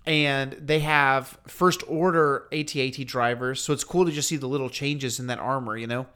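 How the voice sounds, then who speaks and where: A man chatting casually on a podcast, retelling an experience in an animated, slangy way and acting out the lines people said. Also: medium pitch, moderate pace, smooth. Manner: slangy, laid-back. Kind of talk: casual chat.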